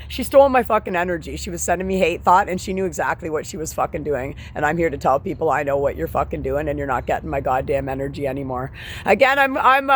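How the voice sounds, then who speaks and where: A man in his forties with a high-pitched voice rants in a heated vlog monologue. He swears freely, restarts phrases and leans on halting fillers. There is a faint hum of noise behind him outdoors. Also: fairly bright tone. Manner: profane, repetitive, halting with many fillers. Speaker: sobriety vlogger. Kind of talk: angry ranting monologue. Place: outdoors at dusk.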